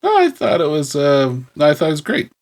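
A man in casual podcast banter, his pitch moving widely up and down. He talks loosely, with casual swearing and animated outbursts. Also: brisk. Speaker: podcast co-host. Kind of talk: casual chat.

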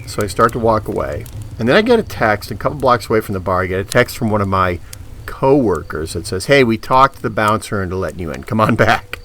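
A low-voiced man tells a story in a lively, animated way, jumping up and down in pitch as he acts out the voices of other people. A steady noise sits behind his voice. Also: brisk. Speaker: guest telling a story. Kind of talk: casual storytelling.

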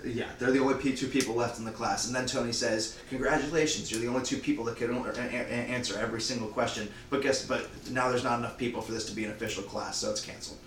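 A man casually retelling an invented movie plot, rambling and slipping into quick voices for the characters. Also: medium pitch, fairly even intonation, a bit bright, roomy sound, recorded from a distance, slight background noise, rough recording.

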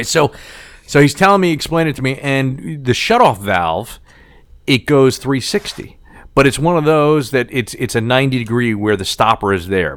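A man's voice: mid-range voice, no room sound. A man in his forties telling a family story in casual chat, swearing and acting out the people he quotes. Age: 40s. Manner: animated, swears, acts out quoted voices.

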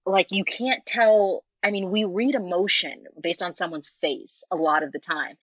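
A woman's voice: lowish voice, normal speed, no room sound. Woman guest gushing in casual chat, laughs a lot, dull lo-fi sound, dry close mic. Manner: animated, laughs often, lots of filler words. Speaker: interview guest, fanfiction writer. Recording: muffled lo-fi audio.

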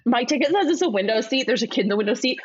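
A woman telling a story in casual conversation, slipping into high imitated voices and laughing as she goes. Her voice is a little husky and the sound is dry and somewhat dull, like a modest home recording. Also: animated, racing, no echo. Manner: laughs often while telling. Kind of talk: casual chat.

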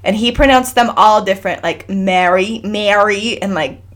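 A young woman from Idaho, co-hosting a casual chat, chatty and quick to laugh, a little sick and clearing her throat. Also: medium pitch, animated. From Idaho, USA. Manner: chatty, laughs often, acts out quoted voices. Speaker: podcast co-host.

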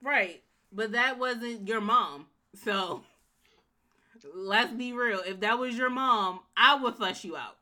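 A woman co-hosting a casual show recap, emphatic and animated, often acting out the scenes. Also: a little high, takes it slowly. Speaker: podcast co-host.

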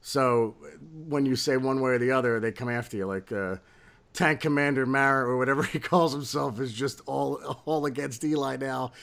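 A man's voice: mid-range voice, normal speed, vocal fry, a bit bright. A man co-hosting a sports podcast, casually reading out listener questions and laughing often. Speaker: podcast co-host.

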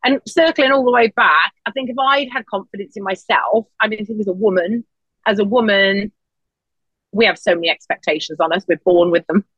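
This woman is an animated storyteller on a casual podcast, jumping to a high pitch whenever she voices a quote. She talks a little fast with a slightly rough tone. The dry recording sounds a bit dull and has no room sound.

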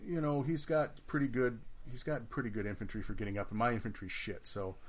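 A man's voice: mid-range voice, fairly quick. A man in casual podcast chat, recounting a tabletop game with lots of swearing and acted-out back-and-forth. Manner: swears freely, animated storytelling that acts out both sides of the argument.

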